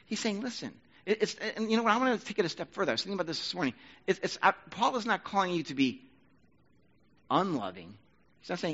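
Conversational pastor preaching, bright tone. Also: male voice, on the high side, expressive, fast, lo-fi sound. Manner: conversational preaching, rising to loud emphatic bursts. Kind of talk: sermon.

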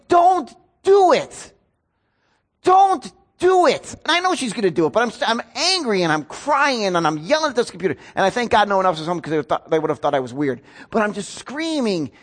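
A pastor preaches a sermon earnestly in a high, slightly bright voice. He tells it like a story, his emotion rising as he goes.

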